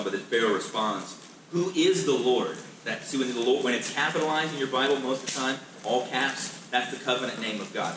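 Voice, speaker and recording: Male pastor, mid-pitched, casual and emphatic teaching; distant mic in an echoey, noisy room. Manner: conversational, emphatic, repeats words as he restarts. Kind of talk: Bible class teaching.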